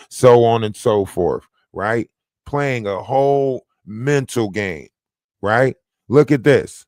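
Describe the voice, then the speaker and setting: A man's voice: medium pitch, slow pace, a little mellow, dry recording, studio quality. A man hosting a livestream, talking casually and reading out messages, with an insistent manner and frequent "right?" tags. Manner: insistent, keeps adding "right?". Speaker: livestream host.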